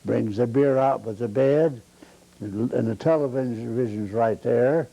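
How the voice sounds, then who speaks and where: A man's voice: mid-range voice, unhurried, creaky, mellow, muffled recording. An older man, a retired circus bandleader telling rambling, plain-spoken anecdotes in an interview. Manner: folksy, plain-spoken, acts out voices in his stories.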